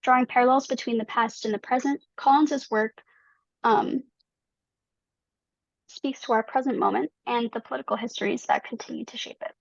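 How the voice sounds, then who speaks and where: A woman on a museum's staff reading prepared remarks in measured, formal phrasing. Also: on the high side, steady tone, creaky, no room sound. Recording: slightly dull lo-fi audio.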